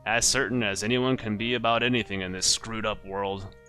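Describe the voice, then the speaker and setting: A man voicing a gruff, wry noir private detective with a put-on Southern US drawl. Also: on the low side, fairly even intonation, brisk, pushed and bright, soft background music. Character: tough hard-drinking noir private detective.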